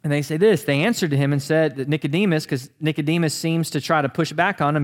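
Male pastor, animated preaching, slightly high pitch. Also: quick pace, hardly any pauses. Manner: animated, conversational preaching with restarts. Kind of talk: sermon.

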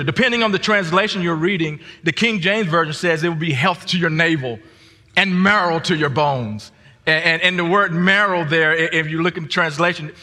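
A man preaching a sermon as a guest pastor, stumbling over restarts and climbing into shouts. His voice sits high and sounds bright. The sound carries a long reverb from the hall. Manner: repetitive restarts, rising to shouts at peaks.

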